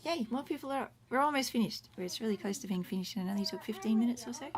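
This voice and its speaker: A woman's voice: on the high side, very fast. A middle-aged woman teaching Latin from home in a casual, chatty livestream, explaining words one by one and breaking off to comment as she goes. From Australia. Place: home room. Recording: faint room noise.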